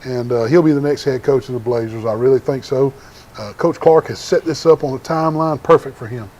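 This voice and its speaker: A man's voice: mid-range voice, fairly quick, darkish tone. A man co-hosting a casual sports talk show, chatty and enthusiastic.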